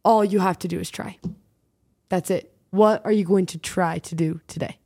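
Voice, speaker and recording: A woman's voice: fairly low pitch, fairly even intonation, moderate pace. A young woman co-hosting a faith podcast, talking heartfelt and rambling with lots of "like" fillers. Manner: heartfelt, rambling, heavy use of "like". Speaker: podcast co-host. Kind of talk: casual faith-based podcast chat.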